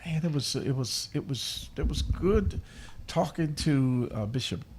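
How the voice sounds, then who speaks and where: A man hosts a faith radio show in easygoing chat, halting often with fillers. His voice sits somewhat high and moves about a lot in pitch. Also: lively intonation, a little mellow, slight background noise. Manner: halting, many fillers, laughs easily. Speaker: radio host. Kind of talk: casual radio talk.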